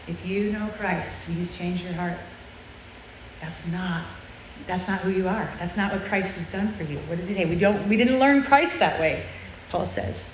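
A woman's voice: fairly low pitch, normal speed, slight background noise. A woman delivers an earnest, confessional sermon to a group of girls, keeping it conversational with frequent check-ins to her listeners. Her voice carries through a roomy hall, slightly muffled, with faint ambience behind her. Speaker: speaker at a girls' church event.

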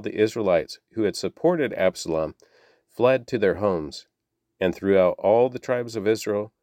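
A man reading scripture aloud in a steady, measured way. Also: deep voice, no room sound, studio quality. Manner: steady, measured, with small slips. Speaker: Bible reader.

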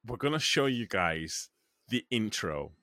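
A man hosting a casual podcast chat, animated, with frequent restarts and the odd swear word. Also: on the low side, a little slow, no room sound. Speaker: podcast host.

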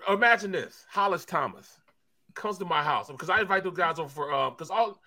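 A man co-hosting a sports show, telling a funny story in a lively, slangy way. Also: high voice, a little fast. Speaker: co-host, former football player. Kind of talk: casual storytelling.

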